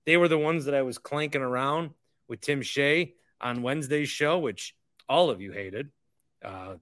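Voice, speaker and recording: Fired-up sports podcast host, bright voice. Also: male voice, medium pitch, expressive, moderate pace. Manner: heated, ranting, repeats himself. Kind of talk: casual sports talk monologue.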